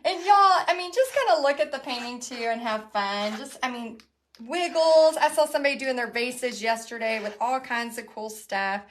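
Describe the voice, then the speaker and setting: A woman's voice: a little high, moderate pace, a little hiss or hum. A woman teaching a live painting workshop, talking chattily with lots of "like" and "um". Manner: chatty, frequent "like" and "um". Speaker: paint party instructor.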